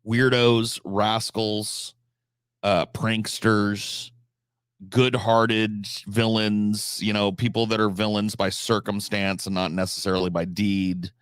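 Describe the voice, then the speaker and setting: A man's voice: fairly low pitch, level tone, slow pace, fairly bright tone, clear, resonant tone, no room sound, clean studio sound. A man chatting casually on a live stream, answering chat questions, swearing freely, with frequent restarts and fillers.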